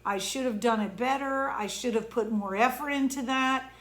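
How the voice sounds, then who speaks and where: A woman with a fairly high voice delivers a heartfelt pep talk as an emotion coach. She speaks in an earnest, conversational way and draws out the words she wants to land. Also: a bit bright. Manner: earnest, conversational, slows down to stress key words. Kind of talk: motivational pep talk monologue.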